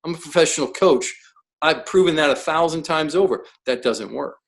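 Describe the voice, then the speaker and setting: A man's voice: fairly high pitch, moderate pace, gravelly, low-quality recording. A man who is a professional coach, talking as a podcast guest in an emphatic, blunt way, full of rhetorical questions. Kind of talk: podcast interview.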